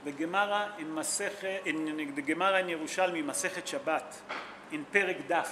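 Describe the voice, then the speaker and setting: In a noisy setting, a man with a fairly high pitch speaks fairly quickly, taking the role of a rabbi giving a sermon. He asks his audience questions as he tells emotional stories, using the plain grammar of a non-native English speaker.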